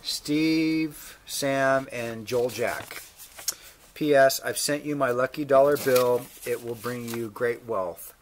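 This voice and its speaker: A man's voice: mid-range voice, fairly even intonation, slow, a little hiss or hum. A male vlog host casually reading viewer mail, with a laid-back manner and dry humor, playing along with joke letters. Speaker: motorcycle channel host.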